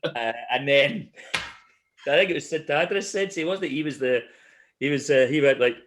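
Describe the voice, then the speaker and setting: A man's voice: fairly high pitch, takes it slowly, long pauses. A middle-aged man hosts a casual chat. He tells stories with plenty of energy and breaks into laughter as he goes. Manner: animated storyteller, laughs often. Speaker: podcast host.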